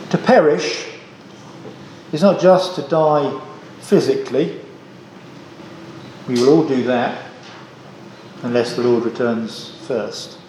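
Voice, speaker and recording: A man's voice: mid-range voice, mellow, reverberant, slight background noise, rough recording. A man preaching a sermon, earnest and emphatic, asking the congregation rhetorical questions and repeating key phrases. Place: church.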